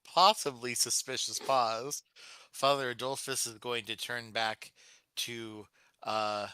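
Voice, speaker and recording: A man playing a tabletop game, speaking in a measured way. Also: medium pitch, fairly even intonation, pushed and bright, smooth, no room sound. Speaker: player. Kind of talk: casual tabletop play.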